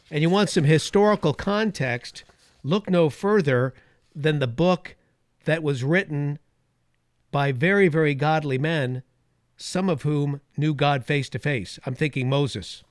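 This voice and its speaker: In a radio studio, a man hosts a talk show, giving an opinionated monologue packed with emphatic repetition and sarcastic asides. He speaks at a measured pace in a fairly high voice, and the studio-quality recording has no echo.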